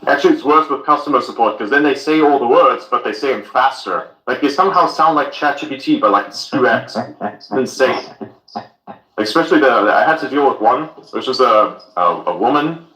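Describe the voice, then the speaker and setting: A man's voice: medium pitch, expressive, fairly quick, bright, forceful tone, roomy sound, distant mic, low-quality recording. A German man whose first language is German, ranting with lots of swearing in casual podcast chat. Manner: profane, ranting.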